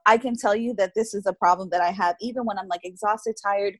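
A woman's voice: medium pitch, fairly quick, a bit bright. A woman in a mid-range voice co-hosts a podcast, giving earnest advice with self-deprecating, playful asides. Her voice is dry, with no room echo. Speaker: podcast co-host. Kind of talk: casual chat.

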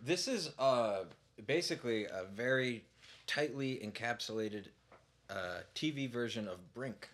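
A man talking as a podcast guest in a casual, animated, joking way. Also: mid-range voice, measured pace.

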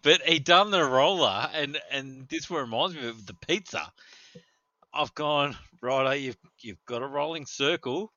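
A man's voice: fairly high pitch, a little slow, pushed and bright, no room sound. A man co-hosting a casual podcast, telling stories with lots of animation and laughter. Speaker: podcast co-host. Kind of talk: casual storytelling chat. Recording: dull, lo-fi sound.

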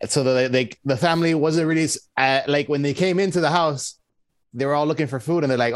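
A man in casual chat, slow and thoughtful, talking frankly and swearing. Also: a little high. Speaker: podcast co-host.

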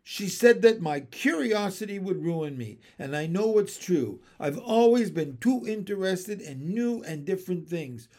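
An exasperated mother frog in a storybook, fussing and scolding at length, as a man puts her on while reading. The voice is a little high and very lively in pitch, with a slow, drawn-out delivery. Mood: fretful. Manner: fussy, scolding complaints. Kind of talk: storybook read-aloud.

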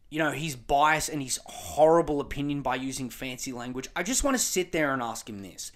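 A man's voice: fairly high pitch, fairly bright tone. A man hosting a podcast, ranting angrily and swearing in exasperation. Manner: angry, profane, exasperated ranting. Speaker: podcast host.

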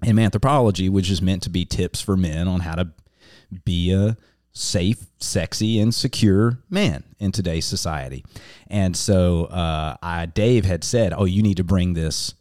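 Deep-voiced rambling podcast host man. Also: unhurried, darkish tone, no echo, clean studio sound. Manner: rambling, self-interrupting and laughing. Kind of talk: casual chat.

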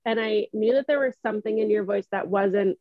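A woman's voice: medium pitch, fairly quick, no room sound, narrow, tinny audio. A young woman with a New Hampshire accent, co-hosting a podcast and telling stories in casual chat, laughing often. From New England. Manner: chatty storyteller, laughs often. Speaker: podcast co-host.

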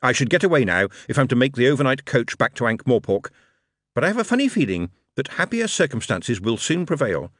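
A man doing a smooth-talking young charmer in an audiobook, breezy and flattering. The pitch swings widely and the sound is dry and close. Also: fairly quick, no room sound.

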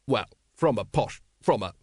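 A male narrator voicing a gloomy, exasperated watch captain who shouts in disbelief. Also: medium pitch, animated, a little slow, husky, no echo, clean studio sound. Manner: exasperated outbursts.

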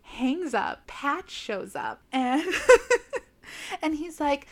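A young woman hosts a podcast and retells a novel with dry sarcasm. Her voice sits a little high, and she keeps dropping into quick put-on voices for the characters. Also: expressive. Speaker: podcast host recapping a book. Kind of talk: casual comedic recap with quoted voices.

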